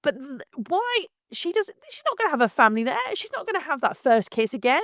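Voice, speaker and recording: A woman's voice: high-pitched, big pitch swings, moderate pace, few pauses, dry recording, clean studio sound. A woman hosting a solo podcast, ranting in a blunt, fired-up and sweary way. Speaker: podcast host and wedding photographer.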